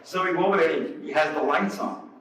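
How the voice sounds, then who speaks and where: Older male preacher, playful anecdotal sermon with mock outrage, fairly high voice, heard from a distance in a very echoey room. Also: fast talker, background noise. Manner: jokey anecdotal storyteller, laughs at his own jokes, mock outrage. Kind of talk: storytelling sermon. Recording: echoey, from far off the mic.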